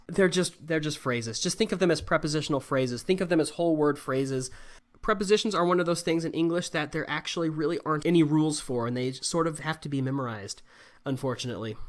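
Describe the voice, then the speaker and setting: A man's voice: a little high, fairly bright tone. American man explaining English in a live Q&A. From United States. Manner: explains patiently, often checks in with "right?". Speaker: English teacher and Q&A host. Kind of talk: live online Q&A lesson. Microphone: video call.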